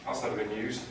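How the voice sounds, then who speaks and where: An English man presenting a travel show, with a dry, grumbling, deadpan way of talking to camera, often from a busy street outdoors. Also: mid-range voice, noisy background. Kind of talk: casual to-camera travel commentary. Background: music.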